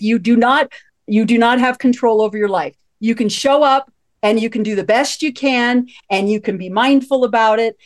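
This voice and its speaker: A woman in her fifties, a psychologist hosting a radio talk show, telling a story in a lively, chuckling way. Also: fairly high pitch. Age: 50s. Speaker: host, psychologist.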